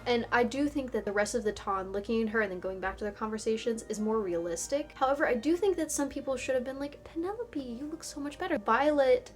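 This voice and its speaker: A woman's voice: on the high side, quick pace, hardly any pauses, soft background music. A young woman ranting through a video essay commentary, sarcastic and exasperated, with some swearing.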